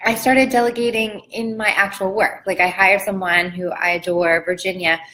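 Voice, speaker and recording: A woman's voice: mid-range voice, steady tone, moderate pace, bright, forceful tone, rough recording. A woman in her thirties who works as a business coach, telling her own story in a casual, chatty way and saying "like" often. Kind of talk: casual personal talk.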